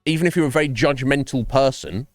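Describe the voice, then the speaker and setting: A man's voice: medium pitch, fast, dry recording, clean studio sound, faint music behind. A man streaming and chatting casually with his viewers, rambling and swearing freely. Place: home streaming setup.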